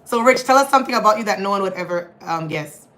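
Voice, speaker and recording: A woman's voice: mid-range voice, lively intonation, fast talker, sharp tone, low-quality recording. A young woman hosting a casual livestream, chatting with viewers and reading their comments, laughing often and calling her audience y'all. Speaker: livestream host.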